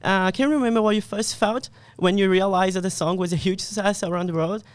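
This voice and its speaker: A man's voice: sits high, fairly even intonation, quick pace, clean tone, dry recording. A man from Brazil with a Brazilian Portuguese accent, interviewing a guest for the radio in a friendly way. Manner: friendly, laughs along, many short backchannels. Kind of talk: interview questions.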